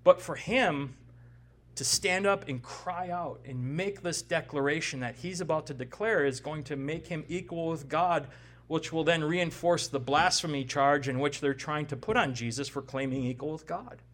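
A man's voice: on the high side, normal speed, fairly bright tone. A man in his forties preaching a conversational, emphatic sermon, often checking in with the congregation. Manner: conversational, emphatic, frequent "right?" tags. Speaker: pastor. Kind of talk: expository sermon.

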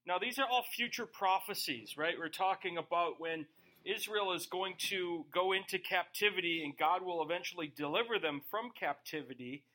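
A man's voice: sits high, moderate pace, bright, forceful tone. A male pastor teaching verse by verse in a conversational way, acting out quoted voices.

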